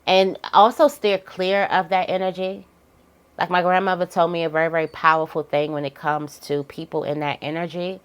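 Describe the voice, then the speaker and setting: A woman giving a casual, candid tarot reading, now and then jumping into high voices to quote people. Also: fairly even intonation, a little fast. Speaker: tarot reader.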